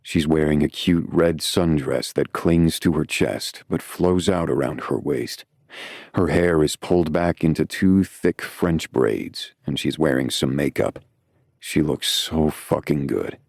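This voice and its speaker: A man narrating a first-person romance audiobook in a low-key, wry manner, recorded on a close studio mic. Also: unhurried, vocal fry, darkish tone, dry recording.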